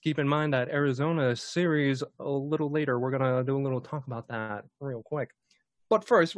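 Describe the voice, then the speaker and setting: A man's voice: high-pitched, no room sound, studio quality. A man hosting and running a tabletop game stream in a casual, jokey, playful way. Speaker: dungeon master and host. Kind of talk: casual live-stream chat.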